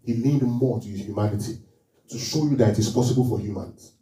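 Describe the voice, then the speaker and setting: A man's voice: medium pitch, brisk, warm tone, roomy sound, far from the mic, poor audio. A man preaching a sermon as pastor, asking the congregation questions, repeating his phrases and driving each point home.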